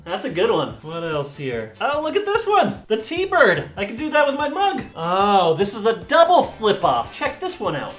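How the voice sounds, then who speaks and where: A man with a high voice jokes his way through a product review, swearing constantly and laughing at his own bits. He sounds like he is in an echoey room with faint music underneath. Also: very animated, normal speed, fairly bright tone. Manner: profane, joking, laughs often. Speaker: YouTube host.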